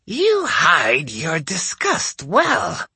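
A man voicing a vain, teasing old noblewoman with a raspy voice in an audiobook. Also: sits high, huge pitch swings, very slow, pushed and bright, no room sound, pitched above the performer's own voice, exaggerated voice. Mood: sly. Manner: sly, teasing, imperious. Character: old woman lady, sly, teasing, vain, drinks and smokes. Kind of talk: audiobook character voice.

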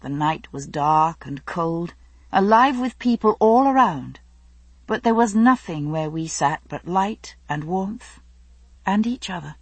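A woman reading a first-person novel aloud as an audiobook narrator, measured and even. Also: on the low side, breathy edge, dry recording.

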